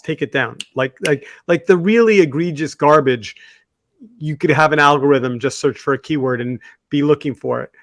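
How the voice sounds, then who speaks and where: A man's voice: a little high, no room sound. A man co-hosting a talk show, telling stories in a rambling, conversational way. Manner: conversational storyteller, rambling with fillers and restarts. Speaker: podcast co-host. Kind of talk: casual discussion.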